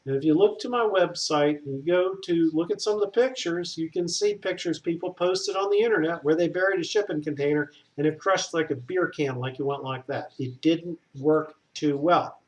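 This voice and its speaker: A man's voice: fairly high pitch, normal speed, few pauses. Blunt man, structural engineer type, rambling and opinionated. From Southern US. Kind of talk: casual explanatory monologue.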